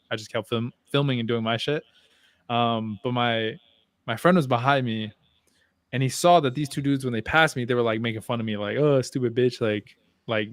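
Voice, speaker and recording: Young male podcast co-host, relaxed storyteller, profane, dead-dry room. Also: medium pitch, clear, resonant tone, no room sound. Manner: laid-back, laughs while telling stories, swears freely. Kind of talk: casual chat, storytelling.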